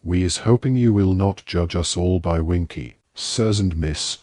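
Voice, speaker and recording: A man's voice: deep voice, unhurried, darkish tone, dry recording, studio quality. A man doing an apologetic male house elf. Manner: bowing, apologetic.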